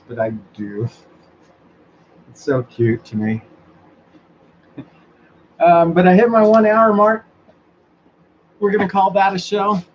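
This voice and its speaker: Male host, sarcastic and profane, casual chat, slightly raised pitch, dull lo-fi recording. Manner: sarcastic, laughs often, swears freely. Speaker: host of a motorized bicycle talk show. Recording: dull lo-fi sound with faint background noise.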